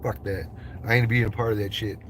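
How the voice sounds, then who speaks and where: A man's voice: on the low side, fairly even intonation, a little fast, a bit bright, slight background noise. A man from the United States in a vehicle, chatting with his livestream viewers in loose, profane, joking banter. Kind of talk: casual livestream chat.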